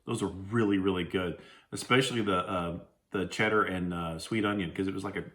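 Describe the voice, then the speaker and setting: A man's voice: sits low, fairly even intonation, a little fast, a bit bright, slight background noise. Chatty Texan man reviewing snacks. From Texas. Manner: chatty, rambling, with frequent restarts. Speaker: food reviewer. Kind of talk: casual food-tasting vlog. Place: at home.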